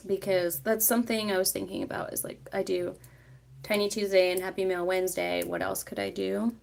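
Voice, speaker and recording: A woman's voice: mid-range voice, fairly even intonation, a little fast, creaky. A woman vlogger chatting casually on a livestream, rambling with many fillers and restarts. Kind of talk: casual live chat.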